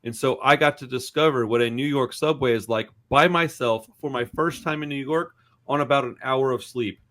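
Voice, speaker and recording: A man's voice: medium pitch, normal speed. A man co-hosting a podcast, telling a story in casual, profane chat and acting out the dialogue. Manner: animated, profane, acts out dialogue. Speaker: podcast co-host.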